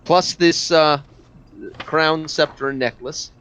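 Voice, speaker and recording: A man narrating a tabletop game as game master, halting with fillers and restarts. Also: a little high, steady tone, fairly bright tone, slight background noise. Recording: dull lo-fi audio.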